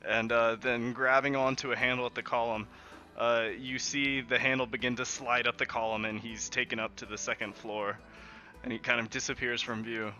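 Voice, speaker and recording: A man's voice: mid-range voice, little pitch movement, normal speed, pushed and bright. A man narrating a tabletop game as game master, in a rambling, giggly way full of fillers, in a muffled lo-fi recording with faint music.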